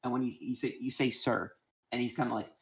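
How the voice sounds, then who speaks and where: A man narrating as game master in a rambling, halting way with many restarts. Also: mid-range voice, steady tone, a little mellow, husky.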